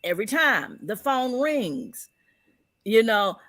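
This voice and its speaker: A woman co-hosting a casual relationship panel discussion, chatty and animated, full of fillers and restarts. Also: a little high, takes it slowly, dry recording.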